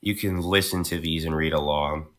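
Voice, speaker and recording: A male voice actor chatting casually on a podcast, telling stories about his roles with animated energy and a touch of New York accent. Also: extremely low pitch, moderate pace. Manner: animated storyteller, slips into character voices.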